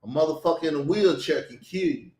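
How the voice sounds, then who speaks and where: Host, male, high-pitched, blunt and profane delivery, echoey room. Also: fast, darkish tone. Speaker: show host. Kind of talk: heated casual talk.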